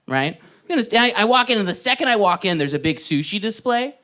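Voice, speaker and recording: A young man doing stand-up, telling a story in an animated way, laughing along and jumping into loud put-on voices. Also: high voice, fast. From Texas. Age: young adult. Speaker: stand-up comedian. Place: live comedy club stage.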